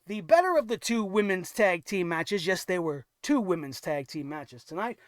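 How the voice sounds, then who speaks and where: A wrestling show reviewer ranting sarcastically, swearing and now and then bursting into shouts. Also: medium pitch, animated, normal speed, no echo, clean studio sound.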